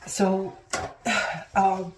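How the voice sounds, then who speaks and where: A woman's voice: level tone, extremely slow, background noise. Emotional woman telling a painful story. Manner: emotional, acts out quotes with big pitch jumps. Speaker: vlogger. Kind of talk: personal storytelling to camera.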